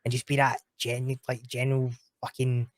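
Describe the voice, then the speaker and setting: In a completely flat, mid-range voice at a moderate pace, a Scottish roleplay streamer chats casually as a podcast guest. He's slangy and swears freely, laughing often, and the recording has no room sound.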